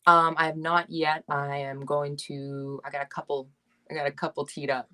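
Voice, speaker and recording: A woman with a low, deep-set voice talks in a loose, brash way. She swears freely and laughs often while trading jokes in a casual podcast chat. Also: flat delivery, moderate pace, bright, forceful tone. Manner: brash, profane, laughing trash talk. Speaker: podcast guest.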